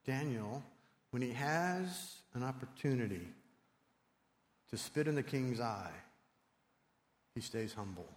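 A man's voice: mid-range voice, a little slow, long pauses. Male preacher in a reverberant hall. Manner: animated, swinging from loud to hushed. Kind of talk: sermon. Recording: long reverb in a large hall.

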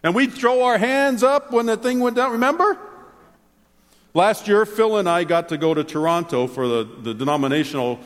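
A man preaching a sermon as pastor, animated, swinging between excited exclamations and soft low asides. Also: normal speed. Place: church sanctuary. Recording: long hall reverb.

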